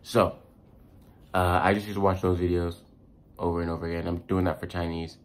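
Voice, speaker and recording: A man's voice: low-pitched, level tone, brisk. A young American man giving casual language-learning tips in a rambling vlog, full of fillers and restarts. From United States.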